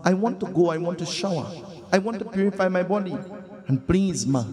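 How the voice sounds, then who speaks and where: A man's voice: sits high, brisk, crowd noise, pitched above the performer's own voice, close to an everyday voice. A man playing a young boy god who begs his mother again and again to take him somewhere, in a sermon story. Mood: pleading. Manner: begging, insistent. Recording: long reverb of a hall.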